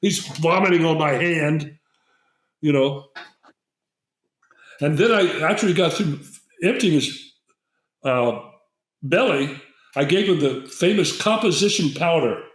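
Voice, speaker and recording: A man's voice: fairly high pitch, unhurried, long pauses, echoey room, poor audio. Older man telling a rambling story. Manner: rambling, digressive storyteller who acts out quotes. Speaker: guest herbalist. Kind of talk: storytelling in a casual interview.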